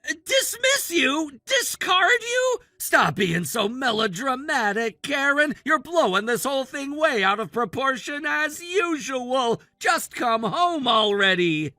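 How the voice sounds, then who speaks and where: A man's voice: very high voice, lively intonation, unhurried, few pauses, pushed and bright, no echo, studio quality, soft background music, exaggerated voice. A synthetic male text-to-speech voice reading an impatient, scolding middle-aged husband in a text-message story. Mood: exasperated.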